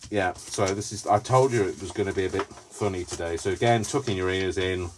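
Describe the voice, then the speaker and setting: Deep-voiced giggly man with noisy recording. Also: steady tone, brisk. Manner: chatty, giggly, talks to himself. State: tired, giddy from little sleep. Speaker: crafting video host. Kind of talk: live craft demonstration, casual chat.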